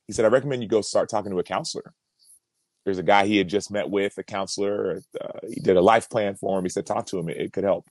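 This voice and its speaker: A man's voice: on the low side, quick pace, no echo. A man in his thirties, a former pro football player, telling a personal story as a podcast guest in an earnest, reflective way, often repeating words as he builds a thought.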